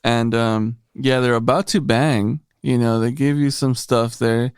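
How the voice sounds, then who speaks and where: A man co-hosting a casual movie podcast, relaxed and agreeable, often chiming in with "right" while breaking down the plot. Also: mid-range voice, unhurried, clear, resonant tone, dry recording, studio quality. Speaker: podcast co-host.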